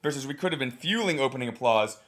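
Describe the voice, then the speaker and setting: A man working as a comedy teacher, giving a blunt, animated critique of a recorded set. He swears and acts out the audience and the comedian to make his points. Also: medium pitch, quick pace.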